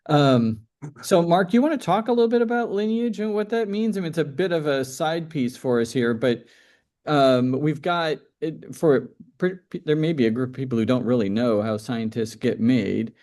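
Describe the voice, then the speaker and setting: A man's voice: fairly high pitch, moderate pace, darkish tone. A man moderating a university panel, prompting the guests with questions in a conversational, easygoing way. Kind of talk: panel discussion.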